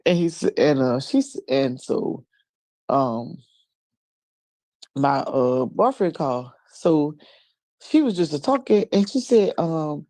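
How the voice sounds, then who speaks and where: Brief: woman co-host, casual storyteller, lively and laughing, dark mellow voice, dry close sound. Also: slow, no echo. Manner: animated storyteller, laughs often, jumps into high voices for quotes. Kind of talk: casual chat.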